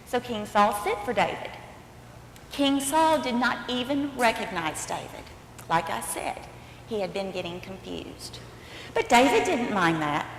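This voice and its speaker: Woman pastor, animated story sermon, echoey church, faint noise. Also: mid-range voice. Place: church sanctuary.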